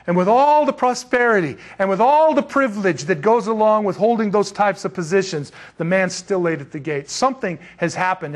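A man, a pastor, giving a conversational sermon with slangy, lively emphasis. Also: sits high.

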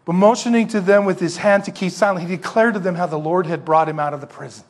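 A man preaching an expository sermon as pastor, telling the story in a lively way and asking the congregation rhetorical questions. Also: high-pitched, fast talker.

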